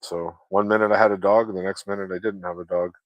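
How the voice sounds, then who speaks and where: Low-voiced man in loose casual chat. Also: flat delivery, fast, no echo, dull audio. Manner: loose, chatty, swears freely, laughs often. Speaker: vlogger chatting with viewers.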